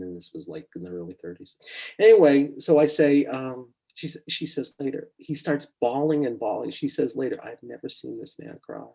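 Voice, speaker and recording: A middle-aged man, a psychotherapist, relaxed and storytelling in a podcast interview, quietly acting out his clients' words. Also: lowish voice, vocal fry, breathy edge, rough recording. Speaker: psychotherapist guest.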